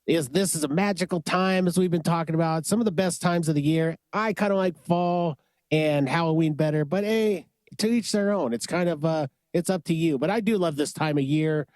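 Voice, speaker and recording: A man hosts a podcast with energy despite being sick. His voice sits a little high and sounds dry and close to the mic. He talks up his co-hosts with enthusiasm. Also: normal speed, no room sound. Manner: energetic, hypes up guests. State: sick, under the weather. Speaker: podcast host. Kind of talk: upbeat casual chat.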